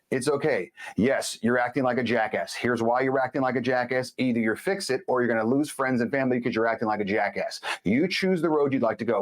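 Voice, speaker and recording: A man as a podcast guest, speaking bluntly and emphatically in casual conversation, telling stories with quick asides. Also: mid-range voice.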